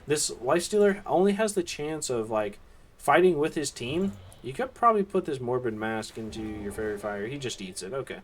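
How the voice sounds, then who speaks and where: With a mid-range, sing-song voice at a normal speed, a man with a Southern US accent calls an esports match solo. The play-by-play is casual, easygoing and chatty, sprinkled with asides and fillers. A bit of hiss or hum sits in the background.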